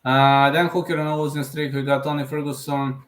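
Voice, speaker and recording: A man's voice: mid-range voice, level tone, a little fast, a bit bright, echoey room. A man hosting a live stream question-and-answer, speaking hesitantly with many fillers and non-native phrasing. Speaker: host.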